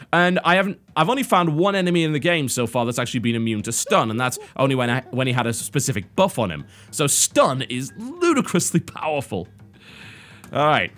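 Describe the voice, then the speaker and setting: A man's voice: on the high side, sing-song, fast talker, fairly bright tone. Dry, sardonic British man reviewing games. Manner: dry, sardonic, self-mocking. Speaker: game reviewer. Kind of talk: game review commentary over gameplay.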